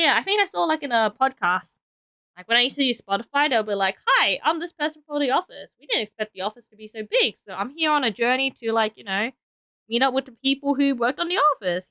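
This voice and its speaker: A tired woman streamer chats to her viewers as she builds, giggling and drifting into muttered self-talk. Her voice sits fairly high and bright, leaping up and down in pitch. The recording is close and dry, with no room sound. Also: no room sound. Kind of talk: casual live-stream chat while building.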